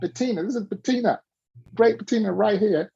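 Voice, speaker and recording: A man coaching a listener through an animated story, acting out the quoted dialogue with lively shifts in his voice. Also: high voice, brisk, vocal fry, slightly rough. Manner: coaching tone, tells the listener to repeat key rules. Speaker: business coach. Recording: dull lo-fi recording.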